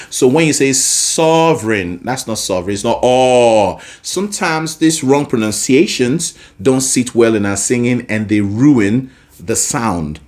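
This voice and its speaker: A man teaching a singing lesson, explaining patiently and breaking into sung examples. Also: medium pitch. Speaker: vocal coach.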